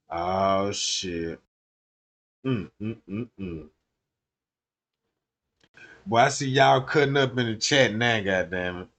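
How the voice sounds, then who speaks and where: Bright, high-voiced man doing a slow, drawling, profane comedy rant to his chat. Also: sing-song. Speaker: livestream host.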